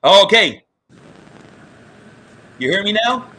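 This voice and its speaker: A man with a high, bright voice hosts a live interview over a video call. He talks with heated passion, apologizing for getting emotional and circling back over his points. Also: big pitch swings, takes it slowly. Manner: impassioned, upset, repeats himself. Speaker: online news show host.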